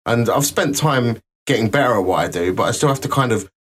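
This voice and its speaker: A man's voice: mid-range voice, lively intonation, fairly quick, a bit bright. A man in casual podcast talk, arguing his point with dry jokes. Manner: dry, joking, argumentative. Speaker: podcast co-host, works in IT.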